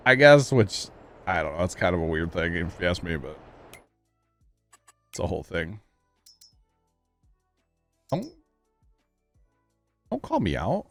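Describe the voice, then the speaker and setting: A man livestreaming a farming game, talking casually and rambling to his chat, chuckling often. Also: medium pitch. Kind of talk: casual chat while playing.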